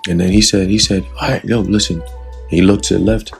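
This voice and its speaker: A man giving a casual spoken testimony of a dream as a religious lesson, relaxed and full of fillers. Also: low-pitched, brisk, vocal fry, breathy edge, faint music behind. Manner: relaxed storytelling with many fillers. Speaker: religious teacher recounting a dream.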